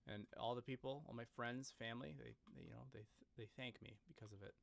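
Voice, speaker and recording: A man's voice: mid-range voice, fairly even intonation, fast talker, creaky. A man chatting casually on a live stream, rambling and joking at his own expense. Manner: joking, rambling, self-deprecating.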